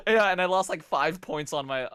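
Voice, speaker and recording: A man's voice: high-pitched, moderate pace, smooth, no room sound, clean studio sound. A young man as a podcast guest, telling stories with many restarts and some swearing. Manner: stammering restarts, swearing, animated storytelling. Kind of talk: casual podcast chat.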